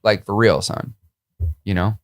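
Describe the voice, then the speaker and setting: A man's voice: lowish voice, measured pace, no echo, clean studio sound. A young man co-hosting a podcast, telling stories in loose casual banter and cursing freely. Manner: animated storyteller, swears a lot. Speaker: podcast co-host.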